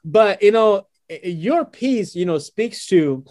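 A man interviewing a guest in easygoing chat, his voice sitting a little high for a man. He leans on fillers and checks in with the listener often. The sound is close and dry, with no room around it. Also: expressive, a little slow, darkish tone, dry recording. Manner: conversational, many "you know" and "right?" fillers. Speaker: podcast host.

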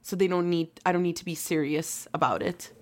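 Young female co-host, slightly low voice, giggly, heavy on "like". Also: fairly even intonation, fairly quick. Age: young adult. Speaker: podcast co-host. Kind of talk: casual chat.

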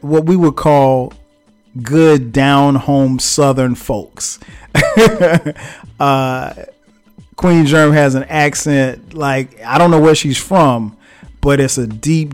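A man talks casually about a podcast he enjoys, relaxed and hesitant, with plenty of ums. His voice is smooth and resonant, mid-pitched, and faint music plays softly behind him. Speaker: podcast recommender. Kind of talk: casual spoken recommendation.

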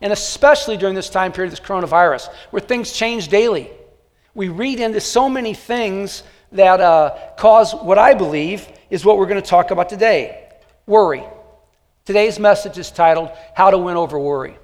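A man's voice: high-pitched, moderate pace. A man preaching a sermon to a nearly empty church and an online audience, speaking in a conversational, joking way with many fillers. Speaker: pastor. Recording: long hall reverb.

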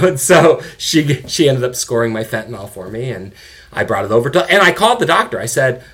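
A middle-aged man, a father, telling a candid story in a conversation, animated, now and then swearing and acting out the people he quotes. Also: medium pitch, a little fast. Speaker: guest, father of an addicted son.

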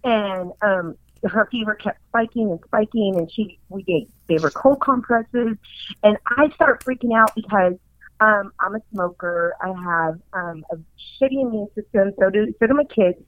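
A woman telling a story in casual chat, profane and excitable, acting out her own panicked lines. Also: medium pitch, moderate pace, no echo. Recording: dull lo-fi dry recording.

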